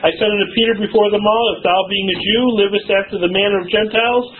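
A man's voice: high voice, steady tone, quick pace. A male pastor preaching a sermon in a church, often prompting his congregation to finish his sentences and quoting older scripture wording. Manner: preacher cadence with King James quotes. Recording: phone-like band with faint noise.

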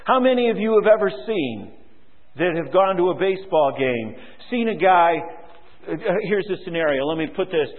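A man's voice: high-pitched, animated, normal speed. A male preacher giving a sermon in a large auditorium, talking conversationally and asking the congregation questions. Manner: conversational, asks the audience questions. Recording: tinny, echoing hall recording.

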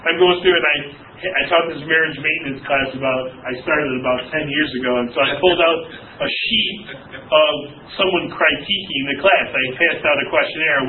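A man's voice: on the high side, moderate pace. A man preaching informally to his church class, chatty and laughing often as he acts out quotes. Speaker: pastor teaching a Bible class. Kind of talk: informal sermon with anecdotes. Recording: distant tinny phone-like audio, faint noise.

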